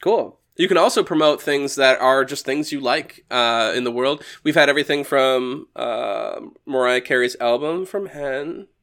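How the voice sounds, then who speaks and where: A man's voice: mid-range voice, moderate pace, few pauses, a bit bright, clear, resonant tone. Podcast host, man, loose chatty delivery, lots of laughs and restarts. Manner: laughs often, rambling with restarts. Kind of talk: casual podcast chat.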